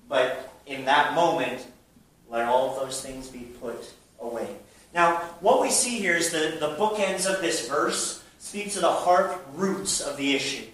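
Echoey bright-voiced male preacher. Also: mid-range voice. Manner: animated preaching, drops to a hush then bursts loud. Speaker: pastor. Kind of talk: sermon. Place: church hall with an audience. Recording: very echoey hall, mic at a distance.

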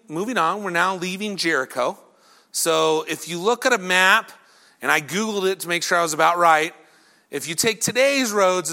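Lively, bright-voiced male preacher. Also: high voice. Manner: animated storytelling, acting out crowd voices and whispers. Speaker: pastor. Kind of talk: sermon.

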